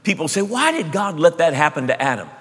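A man preaching a sermon, emphatic, moving between loud bursts and hushed asides. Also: fairly high pitch, big pitch swings, brisk, husky. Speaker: pastor. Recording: long hall reverb.

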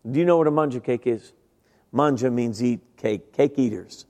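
A man's voice: medium pitch, moderate pace, darkish tone, big-room sound. A middle-aged man preaching a humorous sermon, telling his story with stammering impressions and self-deprecating jokes. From Italian-American family. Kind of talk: humorous sermon with acted-out voices. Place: large church sanctuary.

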